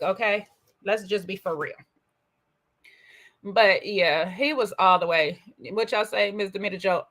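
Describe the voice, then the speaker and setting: Sassy woman giving TV commentary. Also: mid-range voice. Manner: sassy, animated, colloquial. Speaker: commentary host. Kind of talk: casual reality TV commentary.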